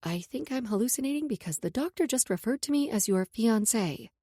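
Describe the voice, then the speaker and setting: A woman voicing a fiery, sharp-tongued young heroine. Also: fairly high pitch, expressive, brisk, no room sound, clean studio sound. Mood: outraged. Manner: exasperated, loud and biting.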